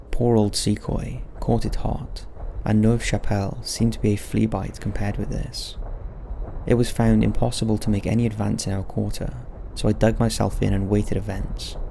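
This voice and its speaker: A man giving solemn scripted narration of wartime letters, slow and grave in manner, with soft music underneath. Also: fairly low pitch, little pitch movement, gravelly, a little hiss or hum. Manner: slow, grave, measured delivery.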